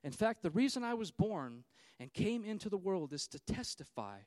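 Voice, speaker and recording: A man in his thirties preaching a sermon, swinging between loud, fiery declarations and hushed, quiet stretches. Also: sits high, big pitch swings, normal speed, no room sound. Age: 30s. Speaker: pastor.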